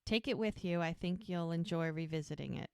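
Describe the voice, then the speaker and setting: A woman's voice: on the low side, fairly quick, creaky, darkish tone, no echo, studio quality. A woman co-hosting a podcast, casually retelling a TV episode and acting out the characters' lines. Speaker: podcast co-host.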